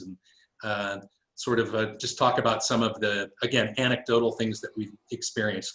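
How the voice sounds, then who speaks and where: A man's voice: fairly low pitch, fairly bright tone. A man presenting a webinar, speaking earnestly with some fillers over a video call. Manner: earnest, thankful, measured with fillers. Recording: roomy video call audio.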